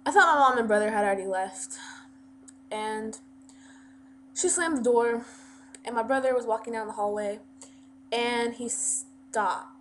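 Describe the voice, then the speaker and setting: A woman's voice: on the high side, slight background noise. A woman vlogger telling a story casually, rambling with plenty of fillers and restarts.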